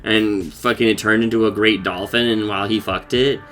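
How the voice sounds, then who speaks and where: A man's voice: lowish voice, fairly even intonation, moderate pace, fairly bright tone, faint music behind. Casual, profane man recapping an episode. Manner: loose and profane, with frequent fillers and laughs. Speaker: podcast host recapping a cartoon episode.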